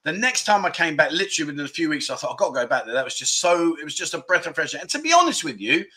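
An English man hosts a casual livestream in a slightly high, sharp voice with big pitch swings, talking rapid-fire. He rambles through self-deprecating banter and reads out viewer comments.

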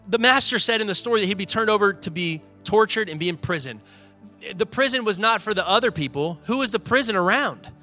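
A man's voice: high-pitched, animated, brisk, sharp tone, soft background music. A young adult man, a pastor preaching an earnest, conversational sermon in a church, building to emphatic peaks. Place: church sanctuary.

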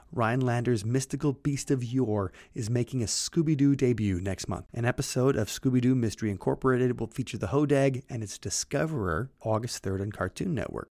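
A man co-hosting a podcast, reading old newspaper clippings aloud in a brisk, animated way and chatting loosely in between. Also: mid-range voice, no room sound, clean studio sound. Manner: reads quotes in a brisk, animated way, then chats loosely. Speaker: podcast co-host.

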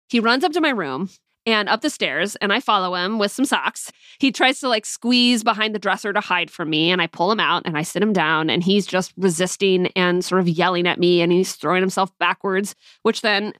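A woman in her thirties tells a personal story about her family in a candid, reflective voice. Her pitch sits in the middle, and the sound is close and dry, with no room around it. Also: no echo. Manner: candid, reflective, with soft laughs. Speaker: mother.

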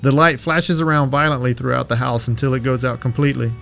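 A man's voice: medium pitch, fairly even intonation, fast, creaky, a bit bright. Man narrating horror over faint music.

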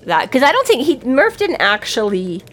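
Lively, giggly woman swearing freely. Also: sits high, moderate pace. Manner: excitable, laughs often, swears freely. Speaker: book club podcast co-host. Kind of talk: casual chat, retelling a book scene.

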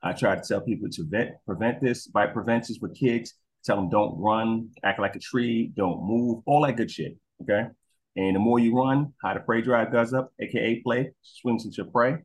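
A man telling stories in a casual interview as a guest. He swears freely and acts out dogs and people in quick voices. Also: lowish voice. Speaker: guest, crime scene investigator. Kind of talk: animated storytelling in casual interview.

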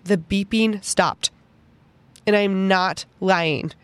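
A woman's voice: medium pitch, slow pace, clean tone, no room sound. Young woman podcast host rambling through a story, lots of "like", dry sound. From Pittsburgh, United States. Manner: animated, chatty, packed with "like" fillers. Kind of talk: casual personal storytelling.

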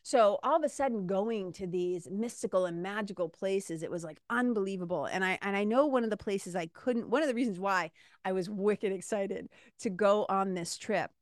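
A woman's voice: mid-range voice, no echo, clean studio sound. Chatty woman telling a story. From Massachusetts, USA. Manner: chatty and animated, addresses listeners as "you guys". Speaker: podcast host. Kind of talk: casual storytelling monologue.

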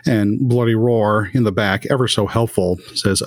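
A man's voice: on the low side, steady tone, normal speed, hardly any pauses, no echo, clean studio sound. A man narrating a tabletop role-playing game as game master, casual and rambling.

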